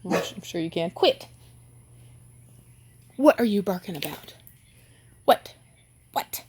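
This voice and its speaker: A woman's voice: on the low side, expressive, slow, darkish tone, a little hiss or hum. Chatty woman vlogging her chores. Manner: chatty, coos baby talk to her dogs. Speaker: dog breeder. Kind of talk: casual vlog chat while doing chores. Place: outdoor dog yard.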